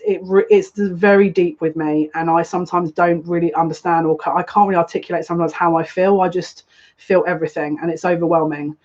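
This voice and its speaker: A woman's voice: fairly low pitch, a little mellow. A woman hosting a casual live psychic reading stream, chatty and rambling, greeting viewers by name. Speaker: psychic tarot reader. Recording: dull lo-fi stream audio with faint noise.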